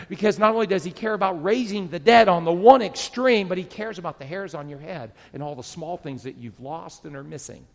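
A middle-aged male pastor telling stories in a sermon, animated and excited, often restarting his sentences. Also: high voice, vocal fry. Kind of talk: storytelling sermon. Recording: long reverb of a large hall.

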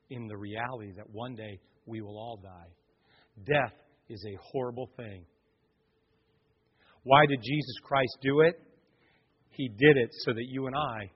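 Husky male preacher in an echoey hall. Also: medium pitch. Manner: dramatic storytelling, swinging from loud to hushed. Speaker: pastor. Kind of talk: sermon. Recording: echoey hall, dull lo-fi sound.

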